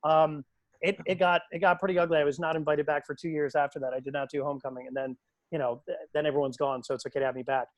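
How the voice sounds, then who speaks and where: Male PA announcer, slightly higher voice, animated storyteller, dry video-call audio. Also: quick pace, no room sound, muffled recording. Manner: animated, acts out quoted voices.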